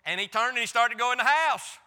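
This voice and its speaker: A man's voice: extremely high pitch, quick pace, sharp tone, in a large hall. A pastor preaching a sermon, telling a folksy, emphatic story from his own life. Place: church.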